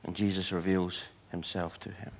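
This pastor has a low-pitched voice with vocal fry and talks at normal speed. His sermon is built around personal stories, and he acts out the quoted people in animated voices.

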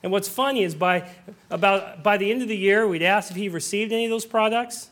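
A man's voice: high-pitched, a little fast, fairly bright tone. A man preaching a sermon as pastor, earnest, with joking asides. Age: adult.

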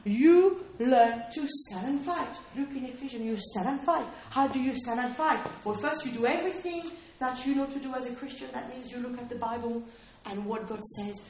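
A woman delivers a sermon in a high, light voice, talking to her listeners like a conversation and often asking whether they follow. The sound has a roomy echo with faint background noise. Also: moderate pace, hardly any pauses, darkish tone. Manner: conversational, keeps checking in with "okay?" and questions to listeners. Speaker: preacher. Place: room with a small responding audience.

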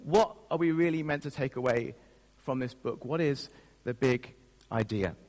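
A man's voice: mid-range voice, moderate pace, a little mellow. A man pastor giving a sermon, telling a personal story in a self-mocking way and laughing at himself. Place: church. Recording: long reverb of a church hall.

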